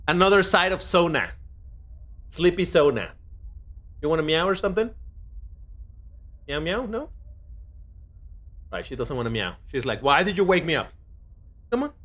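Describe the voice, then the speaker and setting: A man's voice: fairly high pitch, a bit bright. A young man chatting casually while streaming a racing game, talking to his viewers and his cat. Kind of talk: casual live-stream commentary.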